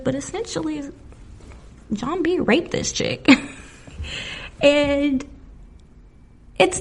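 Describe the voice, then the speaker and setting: A woman hosting a music podcast alone, talking in a casual, animated way, laughing often and getting indignant. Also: on the high side, vocal fry. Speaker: podcast host. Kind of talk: casual solo podcast commentary.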